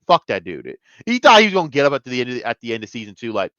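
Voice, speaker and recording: A man's voice: medium pitch, huge pitch swings, very fast, a bit bright, dry recording, dull audio. A man reviewing a TV episode in a casual rant, swearing constantly and mocking the characters.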